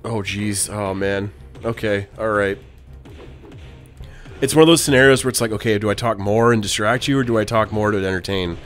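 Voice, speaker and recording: A man giving casual gaming commentary, calling out button prompts, joking and swearing with bursts of loud laughter. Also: on the low side, normal speed, faint music behind. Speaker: co-host guiding a video game playthrough.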